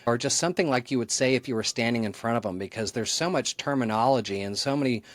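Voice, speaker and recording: A man's voice: medium pitch, quick pace, dry recording. A man speaking as a podcast guest, explaining his ideas in an earnest, thoughtful conversational way. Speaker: podcast guest, marketing author. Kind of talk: conversational interview.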